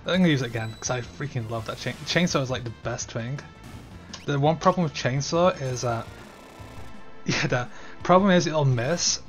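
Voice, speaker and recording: A man playing through a game on stream, chatting casually and reacting out loud to the game. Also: mid-range voice, moderate pace, faint music behind. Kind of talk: let's-play commentary.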